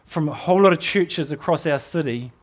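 Earnest New Zealand preacher, high-pitched man. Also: fairly quick. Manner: earnest, exhorting, repeats words as he builds. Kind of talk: sermon.

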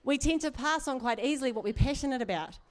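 Kiwi woman preaching, bit high voice, chatty and earnest, lots of "you know". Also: fast. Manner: conversational, earnest, laughs often, many asides. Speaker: church speaker. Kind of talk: sermon.

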